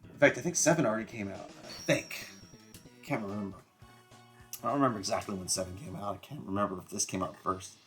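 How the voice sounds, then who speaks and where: A gameplay streamer talks quickly in a lowish, somewhat bright voice, with faint music behind him. His casual let's-play commentary wanders, packed with fillers and a bit of mild swearing.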